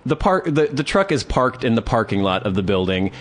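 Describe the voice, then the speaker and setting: A podcast co-host telling a funny story, acting out both sides of the talk. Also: male voice, mid-range voice. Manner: animated, quick to act out both sides. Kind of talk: casual storytelling.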